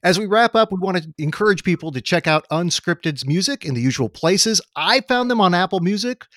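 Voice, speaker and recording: A man's voice: high voice, expressive, fairly quick, fairly bright tone, no room sound, clean studio sound. A man hosting an interview podcast, asking questions in a chatty, conversational way. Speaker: podcast host.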